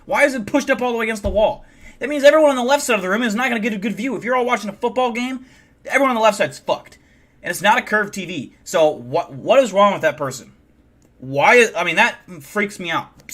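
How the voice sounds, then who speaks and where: A man's voice: high voice, fairly bright tone. Ranting, foul-mouthed male streamer. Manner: ranting, profane, incredulous. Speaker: streamer host. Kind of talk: live stream reaction commentary.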